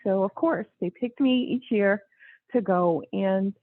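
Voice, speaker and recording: A woman guest telling a story in casual conversation, with an animated way of talking. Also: medium pitch, measured pace, no room sound. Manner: animated, acts out quoted voices. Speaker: interview guest. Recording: tinny phone-line sound, dry.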